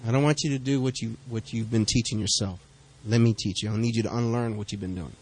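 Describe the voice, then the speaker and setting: A middle-aged man preaching a sermon, telling a story with lively back-and-forth dialogue. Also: fairly low pitch, fast talker, slightly rough. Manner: storytelling, animated, acts out quoted exchanges. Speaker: pastor.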